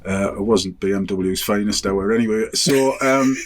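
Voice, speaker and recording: A man's voice: fairly low pitch, moderate pace, slight background noise. A man as a podcast guest, telling rambling travel stories with frequent laughs and restarts. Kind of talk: anecdotal storytelling in a podcast chat.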